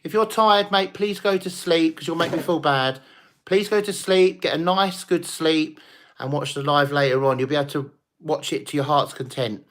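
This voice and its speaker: This is a chatty, slightly tipsy man talking to his viewers on a late-night livestream. His voice sits a bit on the high side for a man. He rambles warmly between topics, with frequent swearing and laughter. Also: moderate pace. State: tipsy from drinking. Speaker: livestream host.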